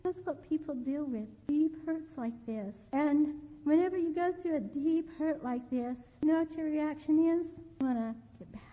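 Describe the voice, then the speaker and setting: An older woman preacher with a high voice gives an earnest sermon testimony at a moderate pace, repeating key phrases for emphasis. The recording sounds tinny and phone-like, with long reverb.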